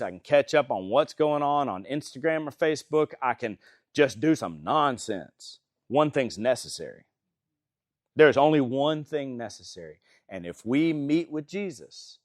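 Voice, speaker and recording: A man's voice: mid-range voice, dry recording, studio quality. A man teaching a small Bible study group in a casual, folksy way, often asking the group questions.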